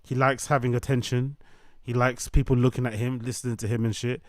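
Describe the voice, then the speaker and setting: A man's voice: medium pitch, flat delivery, a little mellow, no echo, studio quality. A man hosting a commentary show, ranting in an opinionated way and stacking up long lists of points. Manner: opinionated, rapid listing, sarcastic. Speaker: commentary channel host. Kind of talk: ranting commentary on a podcast clip.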